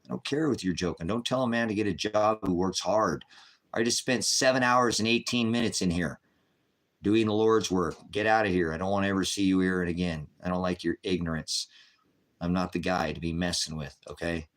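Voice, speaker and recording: Low-voiced guy, 50s, hosting a live chat and snapping back at trolls, says the same thing over and over. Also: brisk. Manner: combative, answering trolls in chat; blunt, repetitive retorts. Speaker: livestream host.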